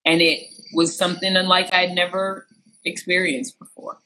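Entertainment interviewer from rural Missouri, animated storyteller, bright and forceful delivery. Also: moderate pace, slight background noise, rough recording. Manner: animated, acts out quotes with sharp jumps in pitch. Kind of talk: personal storytelling.

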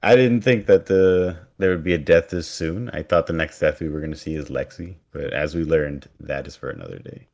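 A man's voice: extremely low pitch, brisk, few pauses, a little mellow. A man co-hosting a podcast in casual chat, recapping a show with wry, sarcastic asides. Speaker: podcast co-host.

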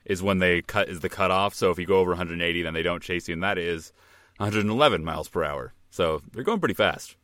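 A man's voice: low voice, fast, dry recording, clean studio sound. A man co-hosting a podcast in casual chat, rambling and laughing as he goes. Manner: rambling, animated, laughs often. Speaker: podcast co-host.

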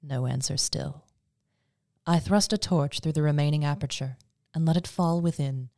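A man with a gravelly voice reading a classic horror story as narrator and host, measured and dramatic. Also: on the high side, fairly even intonation, darkish tone, no room sound, clean studio sound. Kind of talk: scripted audiobook narration.

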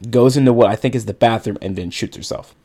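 A man's voice: medium pitch, quick pace, mellow. A man co-hosting a podcast, casually retelling a film's plot in a rambling way with lots of filler words. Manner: rambling retelling with many likes and you-knows. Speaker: podcast co-host. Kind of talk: casual movie recap.

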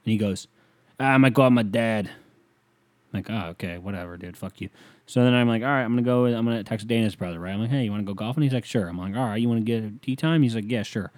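A young man hosting a podcast alone, rambling through a profane, casual story and now and then breaking into loud whoops. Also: lowish voice, quick pace. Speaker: podcast host. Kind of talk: casual solo podcast rant.

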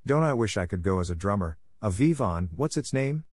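Brief: a man doing a bold, dramatic teen girl, lifted from a low dry voice. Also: brisk, no echo. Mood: eager. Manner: lively, dramatic. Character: spirited teenage girl, bold and theatrical. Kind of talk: audiobook character voice.

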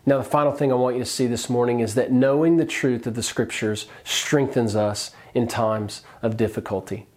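A male pastor delivering a sermon in an earnest, emphatic manner. His voice sits at an ordinary middle pitch, and he presses his points home with conviction. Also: steady tone, moderate pace, hardly any pauses, darkish tone.

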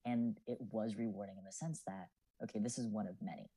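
A man's voice: fairly low pitch, fairly even intonation, fast, mellow, poor audio. A man in his twenties, a student writer and podcast guest, talking in an earnest, reflective way with many fillers. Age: 20s. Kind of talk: casual podcast chat.

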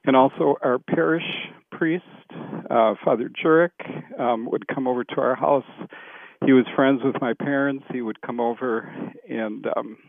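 Gravelly older priest over a phone line. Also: male voice, mid-range voice, a little slow, no room sound. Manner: relaxed storytelling, frequent ums and restarts. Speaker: priest, seminary formation director. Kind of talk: radio interview guest.

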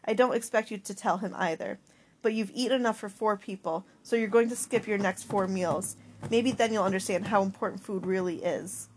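A woman's voice: mid-range voice, fairly even intonation, fairly quick, husky, natural voice. A woman voicing a stern mother who rations food, giving clipped commands and weary lectures in an audiobook. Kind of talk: audiobook character voice.

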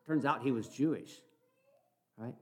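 A man's voice: medium pitch, animated, unhurried, breathy edge. An older man in his sixties preaching a sermon, telling stories earnestly and rising to fervent exhortation.

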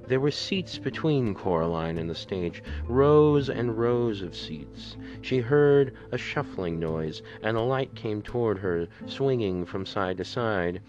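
A man reading a children's novel aloud for a podcast, steady and unhurried. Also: fairly low pitch, muffled recording, faint music behind. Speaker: podcast reader. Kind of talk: audiobook reading.

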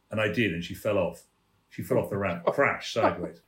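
A man's voice: lowish voice, fairly quick, fairly bright tone. An older man, a theatre producer and guest, telling stories in a leisurely, amused way and acting out the people in them. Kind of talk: anecdotal storytelling.

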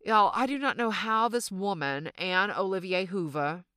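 A woman's voice: medium pitch, moderate pace, bright, forceful tone, clear, resonant tone, no echo, clean studio sound. A middle-aged woman with a Southern accent, hosting a storytelling podcast in a chatty, self-deprecating way. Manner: chatty, self-deprecating, addresses listeners as y'all. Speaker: podcast host.

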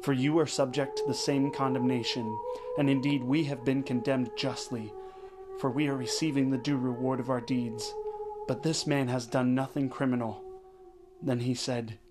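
A man leading the rosary, reading scripture and prayers in a measured, solemn way, phrase by phrase. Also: mid-range voice, flat delivery. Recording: voice over clear background music. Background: sacred choral music.

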